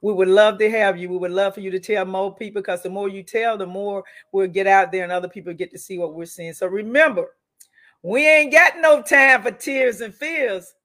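A woman hosting a faith broadcast in a preaching style. Her pitch sits mid-range, and she is emphatic and repetitive, driving her points home and calling out to her listeners. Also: fairly even intonation, fast talker, few pauses. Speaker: host and prayer leader.

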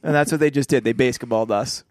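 A man's voice: medium pitch, fast talker, no echo, clean studio sound. A man chatting on a podcast, joking and riffing on his co-host's lines. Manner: jokey, laughs often, riffs on the other's lines. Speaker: podcast co-host. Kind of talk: casual chat.

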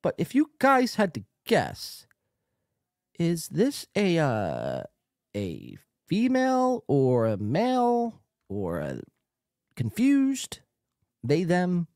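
Man, podcast host, lively swooping pitch, fairly high voice, dry close sound, casual and profane. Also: slow pace, no room sound. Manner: profane, rambling, reads chat aloud. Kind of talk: casual live-stream commentary.

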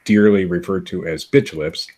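A man's voice: sits low, normal speed, darkish tone, a little hiss or hum. A man co-hosting a podcast, teasing the others and laughing often in casual chat. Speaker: podcast co-host.

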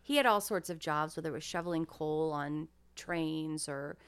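Lower-voiced woman chatting casually. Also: moderate pace, smooth. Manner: chatty, wry, thinks aloud. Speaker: podcast co-host. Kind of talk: casual storytelling chat.

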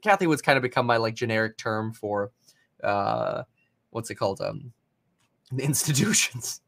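Animated man calling live stock moves. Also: medium pitch. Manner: casual, thinking aloud, bursts of excited exclamations. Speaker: stock market livestream host. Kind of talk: live market commentary.

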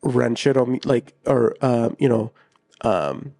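A man co-hosting a casual podcast, speaking in an easygoing, halting way. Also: mid-range voice, vocal fry, warm tone, no room sound, clean studio sound. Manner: easygoing, halting, lots of fillers. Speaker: podcast co-host.

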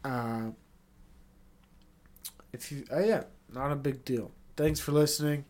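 A man's voice: medium pitch, fairly even intonation, slow, darkish tone. A congested man hosting his own podcast, rambling in a casual solo monologue, self-critical and swearing often. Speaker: podcast host.

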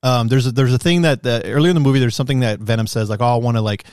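Excited young man retelling a movie. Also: mid-range voice, racing, no room sound, studio quality. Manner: excited storytelling with many fillers and restarts. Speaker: podcast co-host. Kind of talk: casual chat, recapping a movie scene.

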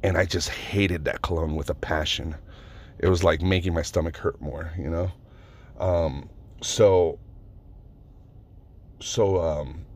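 Lowish voiced guy ranting through a story, swears a lot, lots of ums and restarts. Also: a little mellow, husky. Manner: rambling, profane, many fillers and restarts. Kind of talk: casual storytelling rant.

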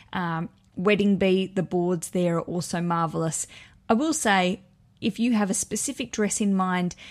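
A young woman hosts her podcast in a relaxed, chatty voice. She sounds eager and upbeat, and she breaks off now and then with playful asides to correct herself. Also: mid-range voice. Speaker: podcast host. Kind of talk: casual podcast chat.

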